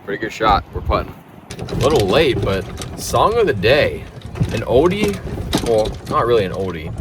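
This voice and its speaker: A man's voice: lowish voice, lively intonation, moderate pace. A man calling his own golf shots in casual, joking play-by-play outdoors on a windy course. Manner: laid-back, joking. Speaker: golf vlogger.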